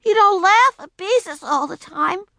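A woman doing a defiant, yelling little girl. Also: very high-pitched, lively intonation, a little slow, vocal fry, dry recording, clean studio sound, pitched above the performer's own voice, heavily acted. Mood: hurt. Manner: shouting, whiny and tearful. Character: angry defiant little girl, stubborn and hurt. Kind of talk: audiobook character voice.

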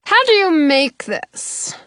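A woman's voice: very high-pitched, very animated, slow pace, fairly bright tone, no echo, clean studio sound, voice pushed up, exaggerated voice. A woman voicing a tall, imposing king who bellows pompous orders in a storybook reading. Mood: delighted. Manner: bellowing, bossy, grandly pompous.

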